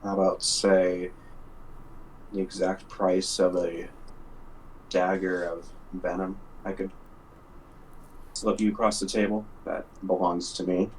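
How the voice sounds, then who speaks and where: A man speaks as a player in a tabletop game, in a very low voice. He hesitates often and fills pauses. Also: flat delivery, recorded from a distance, a little hiss or hum, rough recording. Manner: hesitant, with many fillers. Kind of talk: casual tabletop play.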